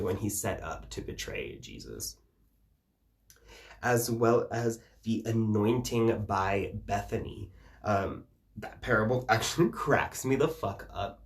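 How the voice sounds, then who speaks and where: A man casually teaching folk magic customs in an irreverent, profane way, laughing often and using many fillers. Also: on the low side. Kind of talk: casual spiritual teaching vlog.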